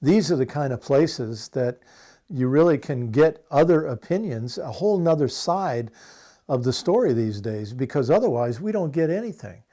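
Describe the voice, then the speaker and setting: A man's voice: medium pitch, lively intonation, moderate pace, dark tone. A man in his sixties from the United States, an activist giving an earnest, impassioned interview answer with frequent fillers and restarts.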